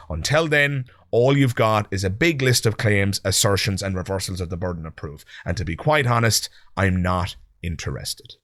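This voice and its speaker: A man hosting a podcast, giving sarcastic and animated commentary on audio clips and speaking to the listener. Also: low voice, normal speed, hardly any pauses, dry recording, clean studio sound. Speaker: podcast host.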